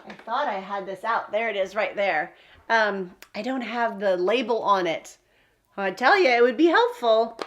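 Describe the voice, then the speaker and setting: A woman's voice: fairly high pitch, a little hiss or hum. A woman hosting a card-making tutorial, chatting casually and thinking aloud with fillers as she works. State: hiccups. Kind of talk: casual crafting demonstration.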